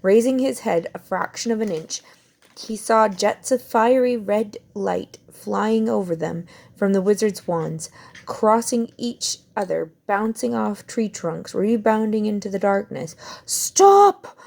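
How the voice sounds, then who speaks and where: A woman reading a fantasy novel aloud in an expressive amateur audiobook style, stumbling and correcting herself now and then. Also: mid-range voice, measured pace, creaky. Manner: expressive, with slips and self-corrections. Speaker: reader.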